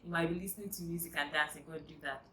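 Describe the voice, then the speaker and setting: A woman's voice: deep voice, steady tone, racing, bright, forceful tone, roomy sound, slight background noise, poor audio. A woman vlogger giving a chatty, emphatic self-help talk straight to her viewers.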